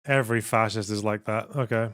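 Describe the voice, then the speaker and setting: A man's voice: lowish voice, fairly even intonation, fairly quick, a bit bright, clear, resonant tone. A man hosting a livestream, chatting casually and bluntly with frequent swearing and laughter. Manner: profane, blunt, laughs often. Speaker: livestream host.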